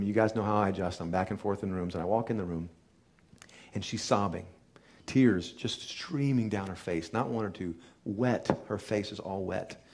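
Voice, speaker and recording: A middle-aged man, a chiropractor, telling an emotional patient story to a live audience in an earnest, emphatic way that often drops to a hushed tone. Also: fairly low pitch. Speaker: chiropractor giving a talk.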